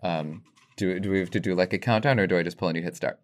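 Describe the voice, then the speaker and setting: A man chatting as a podcast guest, telling stories in a lively way and laughing easily. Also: low-pitched, fast. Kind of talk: casual conversation.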